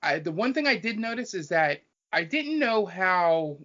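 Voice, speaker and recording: A man's voice: high voice, sing-song, moderate pace, pushed and bright. A man co-hosting a podcast in casual chat, chatty and earnest, laughing along. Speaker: podcast co-host. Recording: dull lo-fi sound.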